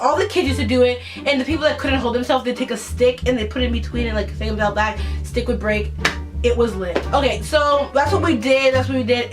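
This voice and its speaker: High-voiced teen girl telling a story. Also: recorded from a distance. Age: teens. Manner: animated, dramatic retelling with acted-out quotes. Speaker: vlogger. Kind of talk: casual storytime.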